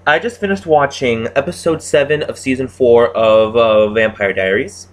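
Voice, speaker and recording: A man's voice: mid-range voice, normal speed. A young man giving a casual, exasperated rant reviewing a TV episode, swearing freely and exclaiming often. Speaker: TV show reviewer.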